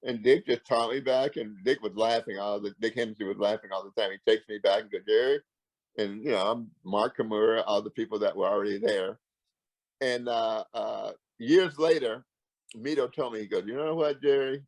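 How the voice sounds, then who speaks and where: Older male guest storyteller, lowish voice, animated, acts out dialogue, restarts a lot, dry close sound. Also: fairly quick, dry recording, poor audio. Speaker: interview guest, martial arts grand master. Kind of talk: casual storytelling.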